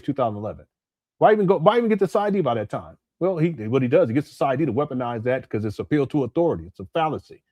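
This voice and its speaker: A man's voice: mid-range voice, darkish tone, no room sound, studio quality. A man hosting a live stream, giving blunt, emphatic commentary and reading viewer super chats aloud, often repeating words as he restarts.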